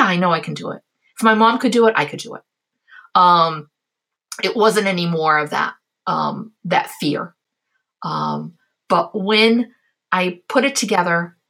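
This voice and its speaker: A woman from the Azores tells family stories as an interview guest, with a bright and clear tone. She talks casually and warmly, sharing heartfelt memories in an animated way. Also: fairly low pitch. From Azores, Portugal. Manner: animated, heartfelt, acts out voices in her anecdotes. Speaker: guest, cookbook author.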